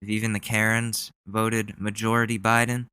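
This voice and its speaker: A man's voice: lowish voice, level tone, moderate pace, background noise. A young man hosting a podcast, rambling in casual, sarcastic commentary with plenty of swearing. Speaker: podcast host.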